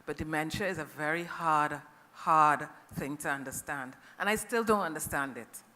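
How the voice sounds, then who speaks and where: A middle-aged speaker with a Trinidadian accent delivers a heartfelt personal testimony, keeps checking in with the crowd, and sounds bright and forceful. The voice carries with a long, lingering reverb from a large conference hall. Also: medium pitch, normal speed. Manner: earnest and emotional, often checks in with the audience. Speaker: family caregiver speaking at a conference.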